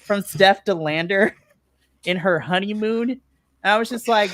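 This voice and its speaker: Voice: medium pitch, moderate pace, a bit bright. A podcast co-host giving a casual recap, chatty, laughing often and acting out their own reactions. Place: remote live stream.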